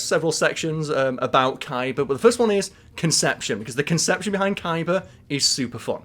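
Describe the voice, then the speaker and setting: A man co-hosting a casual podcast, animated and laughing as he acts out quotes. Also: fairly high pitch, brisk, hardly any pauses, faint music behind. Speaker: podcast co-host. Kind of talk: casual chat.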